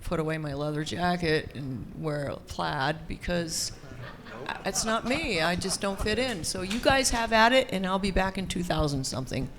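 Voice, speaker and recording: A woman's voice: fairly low pitch, animated, moderate pace, fairly bright tone, a little hiss or hum. A woman guest on a convention panel, talking in a laid-back, blunt way. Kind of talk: casual chat on a convention panel.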